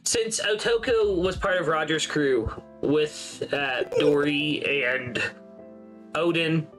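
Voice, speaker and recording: A man's voice: a little high, takes it slowly, low-quality recording. A man hosting a casual livestream chat, talking to his co-hosts and the chat with frequent laughs. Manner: animated, laughs often, addresses chat. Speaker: stream host. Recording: music playing behind.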